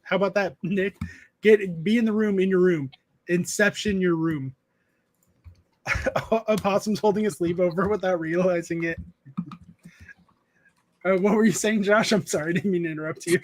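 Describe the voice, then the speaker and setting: A man hosting a casual stream chat, animated, laughing often and reading chat aloud. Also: high-pitched, moderate pace, pauses often. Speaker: streamer host.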